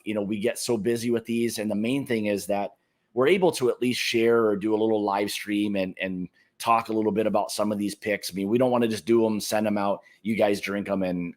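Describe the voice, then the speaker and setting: Easygoing male livestream host, low voice, loose casual delivery with lots of fillers. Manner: easygoing, greets viewers by name, many fillers. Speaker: whiskey club livestream host.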